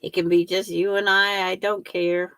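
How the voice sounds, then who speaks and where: A woman's voice: fairly low pitch, level tone, moderate pace, a bit bright, clean tone, dry recording. An older woman hosting a quilting livestream, chatting with viewers and talking herself through each step as she sews. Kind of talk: casual chat while sewing.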